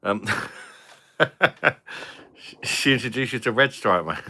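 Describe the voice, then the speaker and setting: A man's voice: on the low side, animated, moderate pace, bright, forceful tone. A man hosting a live stream, chatting casually with viewers and trading crude jokes with a lot of laughter. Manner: crude joking banter, laughs often.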